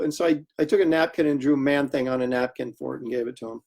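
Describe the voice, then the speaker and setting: A man's voice: a little high, normal speed. Chatty man telling stories while drawing. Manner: chatty, animated anecdotes with laughter and acted quotes. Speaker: comic artist hosting a livestream. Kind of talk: casual storytelling while drawing.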